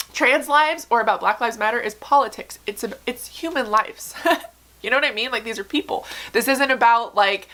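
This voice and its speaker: A young woman with a bright, forward voice talks straight to camera in a candid, casual way. She speaks earnestly and emotionally, with lots of "um" and "like" and the odd swear word. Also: fairly high pitch. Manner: earnest, emotional, many fillers and profanity. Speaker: book vlogger.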